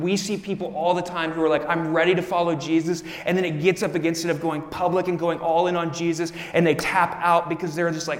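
A man's voice: on the high side, in a large hall. A young adult man preaching a sermon to a church congregation, speaking casually and often turning to the crowd. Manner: casual, animated preaching with direct asides to the congregation. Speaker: pastor. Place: church hall.

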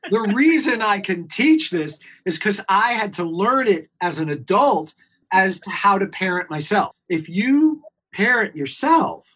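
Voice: mid-range voice, very animated, unhurried, a bit bright, breathy edge. Earnest clinician explaining with emphasis. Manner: earnest, emphatic, repeats key points. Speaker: clinician guest. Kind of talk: expert explaining on a podcast interview.

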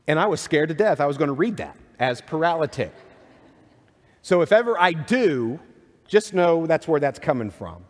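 A man's voice: fairly high pitch, expressive, a little fast. A man preaching a sermon, reading scripture aloud and adding conversational asides. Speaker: pastor. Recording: long hall reverb.

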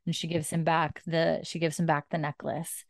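A woman hosting a podcast, recapping a TV episode at home in a casual, animated way, full of "she's like". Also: deep voice, normal speed, creaky, no room sound, clean studio sound. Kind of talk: casual chat. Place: home, with pets nearby.

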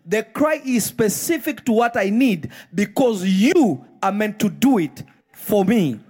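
A man preaching a live sermon in a church, reading scripture slowly and then breaking into impassioned shouts. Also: sits high, lively intonation, husky. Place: church sanctuary.

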